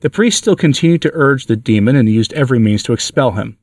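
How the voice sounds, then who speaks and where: Male podcast narrator, earnest measured reading, average pitch, dry distant sound. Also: expressive, darkish tone, dry recording. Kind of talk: reading a devotional story aloud.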